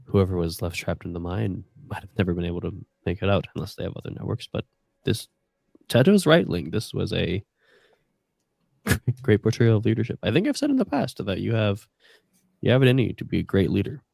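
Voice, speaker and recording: A man narrating a tabletop game as game master, playful and quick to laugh. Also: on the low side, big pitch swings, vocal fry, darkish tone, dry recording.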